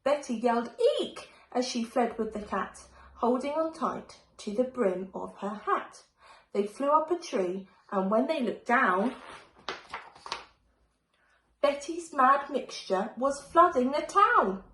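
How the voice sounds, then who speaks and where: A woman teacher reading a rhyming picture book aloud in a slow, expressive way. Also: on the high side, roomy sound, a little hiss or hum, low-quality recording. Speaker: primary school teacher.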